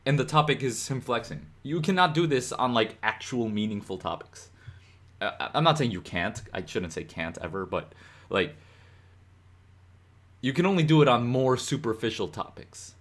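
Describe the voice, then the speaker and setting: A man's voice: medium pitch, animated, moderate pace. A young man hosting a reaction video, casually and animatedly breaking down rhymes as he talks. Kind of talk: casual commentary.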